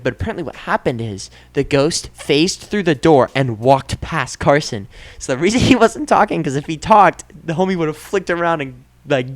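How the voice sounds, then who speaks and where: A young man in a lively podcast chat, telling a story and acting out every voice and noise in it. His pitch runs a little high and swings wide, and the sound is dry and close. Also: dry recording. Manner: animated, acts out voices and sound effects. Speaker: podcast host.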